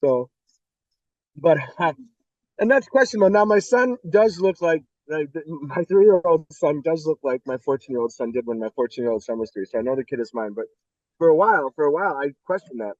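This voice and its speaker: A middle-aged man from the United States, an interview guest telling his story candidly in a blunt, profane, animated way. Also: medium pitch, a little fast, dry recording, lo-fi sound.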